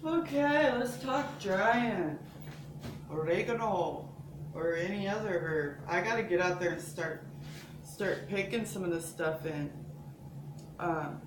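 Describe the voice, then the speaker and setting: A woman chatting her way through a casual home cooking demonstration, rambling and interrupting herself as she goes. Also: lowish voice. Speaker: home cook showing recipes. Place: home kitchen. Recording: echoey room with background noise.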